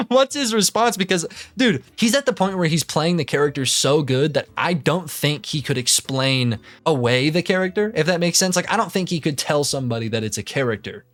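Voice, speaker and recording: A man's voice: fairly high pitch, animated, normal speed, a bit bright, dry recording, faint music behind. A man doing casual reaction commentary, ranting in disbelief and swearing constantly. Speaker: commentary youtuber.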